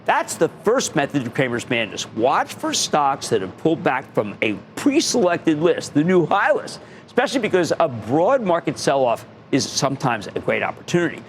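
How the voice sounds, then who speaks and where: A man's voice: on the high side, big pitch swings, moderate pace, a little hiss or hum. A middle-aged man hosting a stock market show, giving emphatic investing advice and repeating words for punch. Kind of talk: energetic investing advice monologue.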